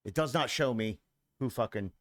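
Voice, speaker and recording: A man's voice: mid-range voice, normal speed, a bit bright. A young man streaming a video game, swearing freely and talking back to his chat with exasperation. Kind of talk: casual gameplay commentary.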